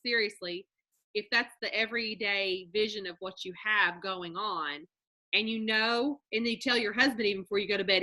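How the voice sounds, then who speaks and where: A woman leads a motivational workshop over a video call, her voice bright and forward. She talks in an animated way and slips into mock voices to act out everyday complaints. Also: medium pitch, moderate pace. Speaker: motivational speaker. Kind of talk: live online workshop talk.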